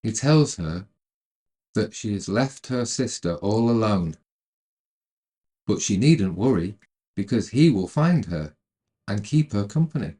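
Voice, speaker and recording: A man narrating a retelling of a film's plot in a calm, measured way, then adding his own commentary. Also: fairly low pitch, breathy edge. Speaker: storyteller retelling a film.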